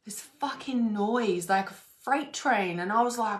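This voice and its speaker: A woman tells a story from her own life in a loose, rambling monologue. She swears freely and fills her talk with "like". Her voice sits at a middle pitch, and the room around her gives off a roomy echo. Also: measured pace, a bit bright. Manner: chatty, swears freely, heavy use of "like". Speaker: spiritual content creator.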